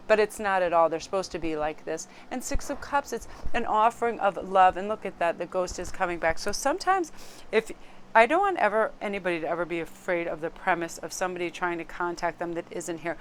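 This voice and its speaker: A woman giving a casual pick-a-card tarot reading to camera, chatty and excitable with casual swearing. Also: medium pitch, clean tone.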